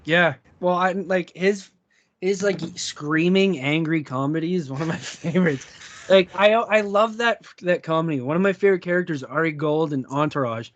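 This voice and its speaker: A young man co-hosting a podcast chats casually, laughing through his stories and swearing often. His voice sits on the high side at a normal pace, with no echo, though the recording has a dull lo-fi sound.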